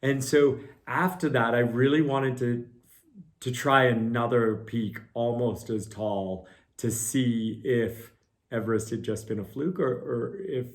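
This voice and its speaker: A man's voice: mid-range voice, measured pace. A middle-aged man, a mountain guide, answering viewer questions in a casual, earnest way. He thinks aloud with fillers and pokes fun at himself.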